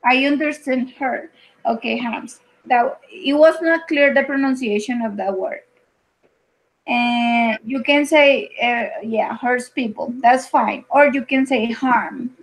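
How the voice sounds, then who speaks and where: High-voiced American woman teaching English. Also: poor audio. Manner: patient, explains slowly with examples. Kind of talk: online English lesson.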